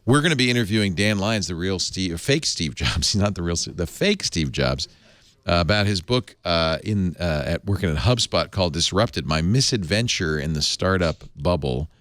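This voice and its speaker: Male show host, deep and lively voice, close dry mic, loose enthusiastic ad read. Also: normal speed, no echo. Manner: enthusiastic, chatty, rambling. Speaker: podcast host. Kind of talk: live ad read on a tech talk show.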